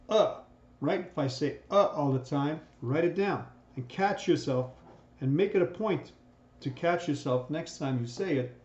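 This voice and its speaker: This male instructor, whose voice is a little high and mellow, teaches a recorded communication lecture in a chatty way. He regularly checks in by saying "right?" and restarts his sentences. Roomy, dull sound.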